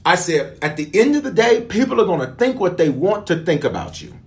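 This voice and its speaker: Lively, high-pitched preaching man. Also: brisk. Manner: call-and-response preaching, repeats lines for emphasis. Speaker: bishop, preacher. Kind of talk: livestreamed sermon.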